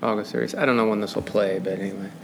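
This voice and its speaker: A man hosting a podcast, chatting casually and easily with his guest indoors and jumping in with quick questions. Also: lowish voice, steady tone, gravelly, soft background music. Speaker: podcast host. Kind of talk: casual interview chat. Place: tower room at a country club, indoors.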